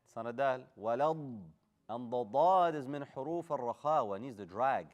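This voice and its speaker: A man's voice: mid-range voice, fast, lo-fi sound. A man teaching Quran recitation in a class, giving casual, direct corrections and modeling the Arabic sounds. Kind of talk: live tajweed class instruction.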